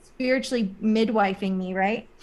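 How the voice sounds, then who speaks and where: A woman speaks as a guest in an interview, retelling a personal experience in a loose, rambling way. Her voice sits at a middle pitch, and her speech is full of "like" and "um" as she talks earnestly and emotionally. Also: normal speed. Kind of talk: casual spoken storytelling.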